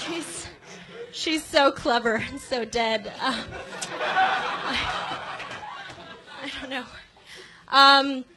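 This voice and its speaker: A woman of twenty doing a stand-up set in a comedy club, halting and giggly, full of ums. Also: sits high, pushed and bright, rough recording. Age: 20s. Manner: halting, filler-heavy, giggly delivery. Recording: faint room noise in a comedy club.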